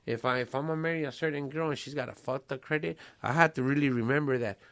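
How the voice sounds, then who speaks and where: A podcast host chats casually, talking streetwise slang peppered with Spanish phrases and swearing. His voice is medium-pitched, fast and a bit bright.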